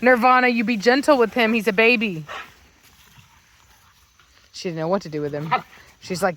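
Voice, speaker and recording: A woman's voice: medium pitch, normal speed, pauses often, a bit bright, a little hiss or hum. A woman dog breeder from Virginia, filming outdoors and chatting casually, talking to her dogs in a sing-song baby voice and laughing often.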